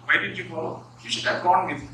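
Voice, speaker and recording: A professor talks to an audience, his high voice very bright and cutting. He tells funny stories and acts out little scenes as he goes. The sound is distant and echoey, as in a large hall. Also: fast talker, slight background noise. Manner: animated, humorous storytelling, acts out little scenes. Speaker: professor giving a public talk. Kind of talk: motivational talk. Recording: echoey hall, far from the mic.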